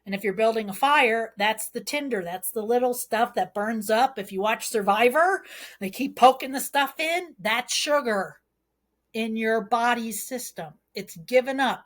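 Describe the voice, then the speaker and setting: A woman's voice: fairly high pitch, lively intonation, measured pace, a bit bright. A woman midwife talking in a podcast interview, explaining earnestly with homely analogies and pleading advice.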